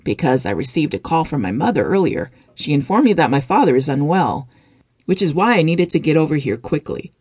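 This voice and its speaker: A woman's voice: low voice, sing-song, fairly quick, darkish tone, breathy edge, no echo, studio quality, exaggerated voice. A woman reading the part of a wealthy young man who speaks earnestly about his family.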